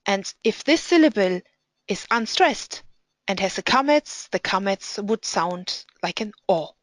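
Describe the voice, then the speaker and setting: Slow, careful woman teaching pronunciation. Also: medium pitch, lively intonation, no room sound. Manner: slow, careful enunciation of example words. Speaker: Hebrew reading teacher. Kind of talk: instructional explanation with read-aloud examples.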